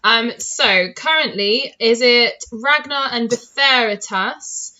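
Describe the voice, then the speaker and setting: A woman's voice: a little high, slow, bright, forceful tone. A woman from the United Kingdom running a tabletop game as game master, explaining rules plainly and in a friendly way. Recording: slightly dull mic with faint noise.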